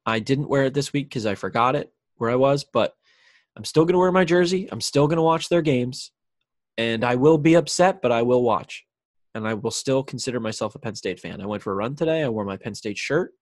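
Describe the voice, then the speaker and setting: An easygoing young man chatting about sports on a podcast, quick to poke fun at himself. His voice sits at a middle pitch. The sound is close and dry, with no room echo. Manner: easygoing, self-deprecating, animated. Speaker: podcast co-host. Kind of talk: casual sports chat.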